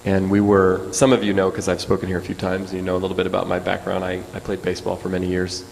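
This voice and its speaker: A man in his forties, a guest speaker, telling an animated personal story in a sermon. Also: low-pitched, fast, vocal fry. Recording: echoey hall with faint hum.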